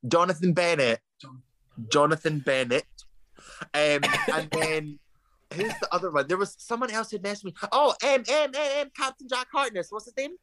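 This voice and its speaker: A young Scottish man being interviewed as a drag performer, animated and quick to laugh, calling everyone "girl". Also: high-pitched. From Scotland. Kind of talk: casual interview chat.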